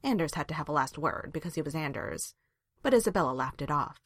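Brief: low, animated woman narrator, dry close sound. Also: fast, no room sound. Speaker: reader. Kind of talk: reading fan fiction aloud.

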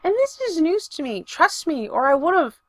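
A woman voicing an excitable, flustered young man who talks in fast, shrill, rambling bursts. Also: no room sound.

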